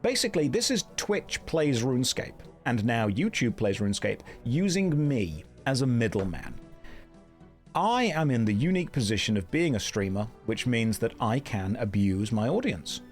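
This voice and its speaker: A man's voice: mid-range voice, sing-song, normal speed, soft background music. A man streaming a game and commenting casually, with a dry, joking manner.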